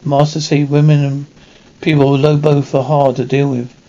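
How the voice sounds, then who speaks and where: A gravelly, proverb-quoting old shopkeeper, put on by a man speaks in clipped broken phrases. The tone is mellow and a touch high. The recording is dull and lo-fi. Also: flat delivery, moderate pace, close to an everyday voice. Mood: terse. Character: elderly male shopkeeper in broken English.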